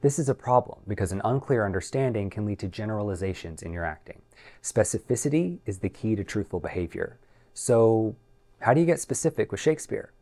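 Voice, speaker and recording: A young adult man, an acting coach, giving scripted instructional narration in a clear, measured, lightly playful tone. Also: on the low side, animated, dark tone.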